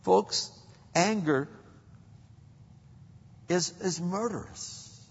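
Male preacher, high voice, lively storytelling delivery, long hall echo. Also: drawn-out words, gravelly, slightly rough. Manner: animated storyteller, swings from loud to hushed. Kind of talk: sermon. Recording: muffled hall recording with long reverb.

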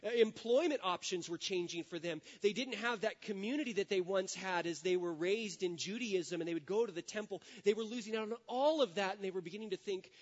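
Male pastor with a fairly high voice, an earnest storyteller preaching in a church; the sound is dull and rings with long hall echo. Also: a little fast, few pauses. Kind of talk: sermon.

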